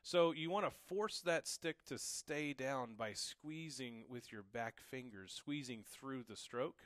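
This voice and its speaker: A man's voice: medium pitch, slow pace, fairly bright tone, no echo. A young man giving a casual, encouraging drum lesson, explaining each pattern and counting it aloud. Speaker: drum teacher. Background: drum kit.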